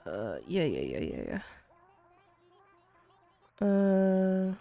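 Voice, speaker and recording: Chatty excitable woman streamer. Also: medium pitch, extremely slow, gravelly, muffled recording. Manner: chatty and excitable, laughs often. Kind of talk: casual gameplay commentary.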